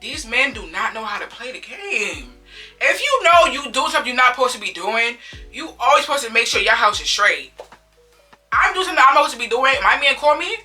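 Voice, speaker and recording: A woman with a very bright, fairly high voice, telling a story casually with animated, blunt delivery. She swears freely and acts out the quotes. She sits some distance from the mic, with faint music behind. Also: brisk.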